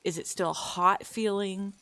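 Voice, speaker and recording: A woman's voice: medium pitch, fairly even intonation, a little slow, fairly bright tone. A woman streamer chatting casually with viewers while she plays, rambling and laughing often.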